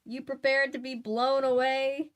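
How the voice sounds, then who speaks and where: A woman's voice: high voice, level tone, measured pace, clear, resonant tone, voice pushed up. A woman voicing a burly adult male mechanic who shows off his work, reading a storybook aloud. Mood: boastful.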